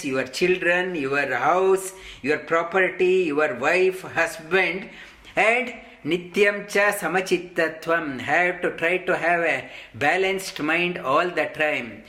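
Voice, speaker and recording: A man giving a slow, halting scripture discourse as a spiritual teacher, full of ums and restarts. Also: fairly high pitch, bright, forceful tone. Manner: halting, many ums, slow deliberate explanation.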